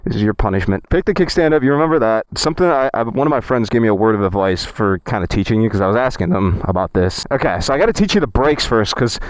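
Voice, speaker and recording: A man's voice: fairly low pitch, animated, fast, hardly any pauses, dry recording. A young man vlogging in a casual, rambling way, joking and cutting himself off, recorded outdoors in a parking lot on an action camera. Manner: rambling, joking, self-interrupting. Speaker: motorcycle vlogger. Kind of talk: casual vlog chat.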